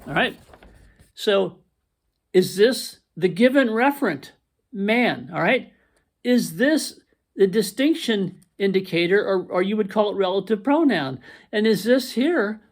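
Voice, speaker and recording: A man teaching grammar over slides, stressing points and checking in with "okay?", reading sample sentences slowly. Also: high-pitched. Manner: emphatic, repeats "okay?" to check understanding.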